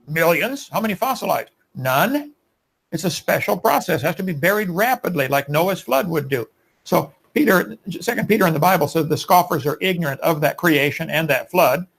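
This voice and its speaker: Sex: man. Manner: preachy, emphatic debater, slightly high voice. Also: creaky, fairly bright tone, breathy edge, rough recording. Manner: emphatic, preachy, rhetorical questions. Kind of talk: live debate argument.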